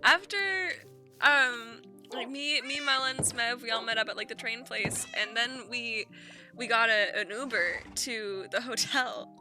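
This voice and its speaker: A woman's voice: fairly high pitch, steady tone, measured pace, sharp tone, faint music behind. A young woman from Eastern Canada, chatting casually and laughing often as she streams a game. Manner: giggly, rambling storytelling with frequent laughs. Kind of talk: casual chat while gaming.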